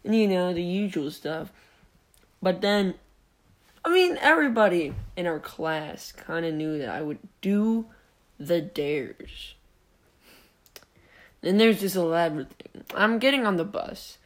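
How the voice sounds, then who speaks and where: A young man hosting a podcast tells a meandering story, giggling often and chasing tangents. His voice is high and animated, and he takes his time, pausing frequently and cutting himself off.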